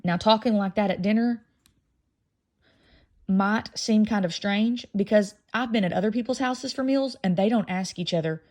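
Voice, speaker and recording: A woman reading a children's novel aloud in a lively first-person storytelling voice. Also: mid-range voice, moderate pace. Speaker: audiobook reader.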